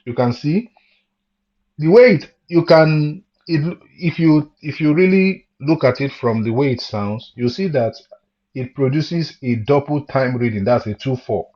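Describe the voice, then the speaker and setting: On a muffled recording, a man gives an online music theory lesson in a mid-range voice with lively intonation and a measured pace. He works through it step by step, repeats the key points, and reads lyrics aloud to mark the stress.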